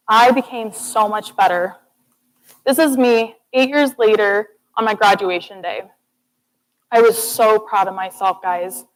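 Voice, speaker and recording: Young woman, student presenter, warm and earnest, lightly high-pitched voice, rallying the audience. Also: rough recording. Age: young adult. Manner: earnest, encouraging, addresses audience as "guys". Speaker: student speaker. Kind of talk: TED-style presentation. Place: classroom or lecture hall.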